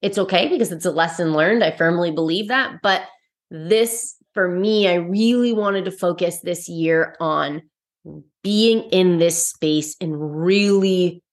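A woman's voice: lowish voice, a little slow. A young adult woman hosting a podcast, talking earnestly and reflectively in a casual solo chat with frequent fillers and restarts. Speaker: host.

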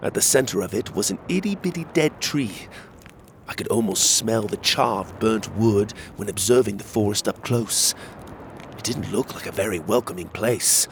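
Gravelly, expressive storybook narrator man. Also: fairly low pitch, moderate pace, a little hiss or hum. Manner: expressive first-person storytelling.

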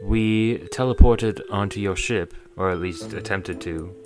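A man's voice: deep voice, unhurried, faint music behind. A man playing a tabletop game, flustered and joking. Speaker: player.

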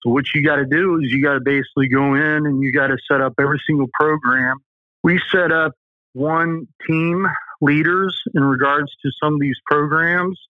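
A man with a voice on the high side and fairly even intonation talks at normal speed on a dry, tinny, phone-like recording. An interview guest with a Southern US accent, he owns a safety company and tells folksy, emphatic stories.

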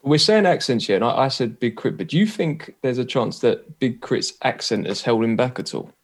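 A man chatting on a podcast in a middle-pitched voice. He feels his way through his points with fillers and restarts, thoughtful rather than forceful. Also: expressive, moderate pace. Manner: thoughtful, hesitant, many fillers. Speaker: podcast co-host. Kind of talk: casual chat.

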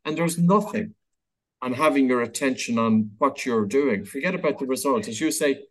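A man's voice: medium pitch, normal speed, a bit bright, low-quality recording. A man hosting a podcast, chatting casually and thinking aloud as he asks questions. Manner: conversational, thinks aloud with fillers. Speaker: podcast host. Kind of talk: casual interview chat.

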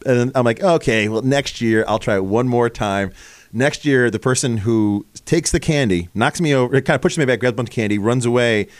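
A man's voice: mid-range voice, a little fast, no room sound. A man hosting a casual podcast chat, telling a long story and acting out the voices of the people in it. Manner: animated storyteller, acts out voices. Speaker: podcast host.

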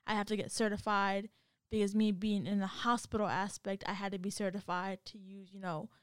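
A woman chats casually, telling a story with animated energy and putting on voices for the people in it. Her tone is smooth and clear. The sound is dry and close, with no room around it. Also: medium pitch, fairly quick, no echo. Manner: animated storytelling, acts out quoted voices, laughs often. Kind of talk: casual chat.

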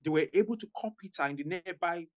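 A woman's voice: on the low side, quick pace, highs cut off. A woman preaching as a guest evangelist, making fervent, repetitive appeals to her listeners.

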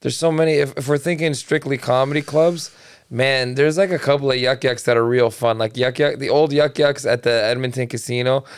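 Crude, rambling middle-aged comedian. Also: male voice, medium pitch, steady tone, fairly quick, clear, resonant tone, dry recording. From Canada. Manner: crude, rambling, swears a lot. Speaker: comedian and podcast co-host. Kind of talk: casual chat.

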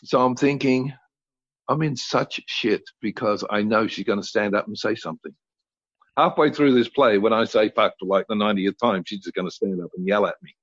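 Older male guest storyteller, blunt and salty. Low-pitched voice, dry muffled lo-fi audio. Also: fairly quick, no room sound. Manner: blunt, colorful storyteller who swears freely. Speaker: guest actor. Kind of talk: animated anecdote-telling.

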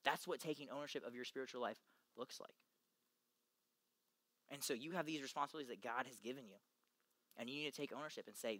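Bright-voiced earnest young man preaching. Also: mid-range voice, a little fast, pauses often, no echo. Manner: earnest, emphatic, acts out quotes. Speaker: youth ministry speaker. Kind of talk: youth talk to boys.

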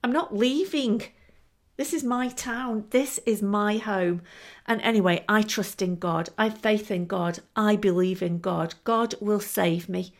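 A woman's voice: medium pitch, measured pace, natural voice. A woman voicing a stubborn old man who grows furious and demands answers. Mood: defiant. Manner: defiant, shouting with anger.

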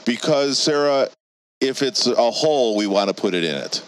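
A man's voice: mid-range voice, animated, moderate pace, dry recording, rough recording. A man co-hosting who chats in a joking, bawdy, playful way. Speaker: co-host. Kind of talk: casual chat.

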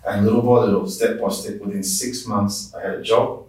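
A man's voice: on the low side, steady tone, normal speed, darkish tone. A man earnestly telling his personal faith testimony as an interview guest, heartfelt and conversational. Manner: earnest, heartfelt storytelling with restarts. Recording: roomy echo, distant mic.

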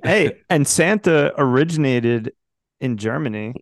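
A man's voice: mid-range voice, lively intonation, a little slow, no echo. A man hosting a casual movie podcast, tossing out dry teasing one-liners. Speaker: podcast host.

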